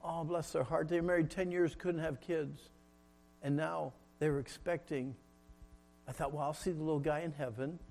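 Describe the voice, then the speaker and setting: A middle-aged man preaching a sermon, telling a personal story with shifts between loud, laughing moments and hushed, solemn ones. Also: on the high side, steady tone, moderate pace, creaky.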